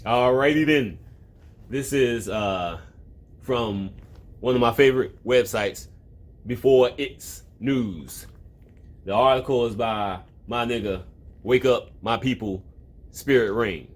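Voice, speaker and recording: A man's voice: medium pitch, slow, pauses often. A man hosts a home video, rambling through loose, swear-heavy commentary and often breaking off mid-thought. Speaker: online video host. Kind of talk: profane comedic commentary. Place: at home, with a cat in the room.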